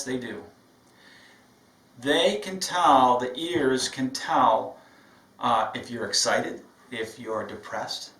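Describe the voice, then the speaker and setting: A man's voice: mid-range voice, fairly bright tone. A man who owns a business, giving an upbeat, conversational training lecture to his staff and often checking "right?". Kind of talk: training lecture with phone role-play. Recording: echoey room, mic far off.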